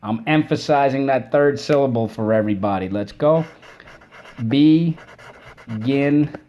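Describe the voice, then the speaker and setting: A man teaching a recorded spelling lesson for children, upbeat and encouraging, drawing out syllables slowly as he drills words. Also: mid-range voice, a little mellow, muffled recording.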